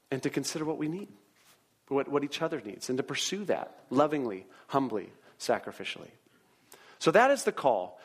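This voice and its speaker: A man preaching a sermon as a pastor, talking in an earnest, conversational way with rhetorical questions. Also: medium pitch.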